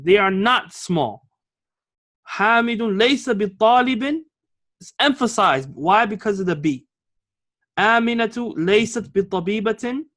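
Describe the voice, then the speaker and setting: This Arabic teacher, a man whose voice sits high and sounds a little bright, walks his class through grammar with patience. He shifts back and forth between English and Arabic, regularly asking "okay?" and "all right?" to make sure students follow.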